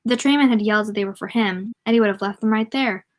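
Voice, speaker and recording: A woman's voice: medium pitch, fast. A woman reading a novel aloud in a casual way, often stumbling, correcting herself and adding joking asides.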